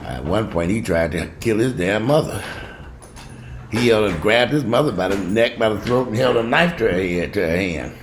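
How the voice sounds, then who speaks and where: A low-voiced man talks through local news in a chatty, wandering way, cursing as he goes. His voice swings widely in pitch. The home recording is noisy, with dogs barking and whimpering in the background. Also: lively intonation, normal speed. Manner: chatty, digressive, swears freely. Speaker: news commentary vlogger. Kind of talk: casual news commentary vlog.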